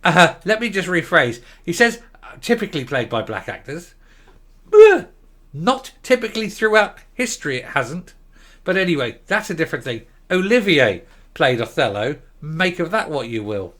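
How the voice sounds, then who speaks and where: A man's voice: on the high side, expressive, normal speed, bright, forceful tone. An older man hosting an opinion commentary show, talking in a sarcastic, combative and scornful way. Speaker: commentary host.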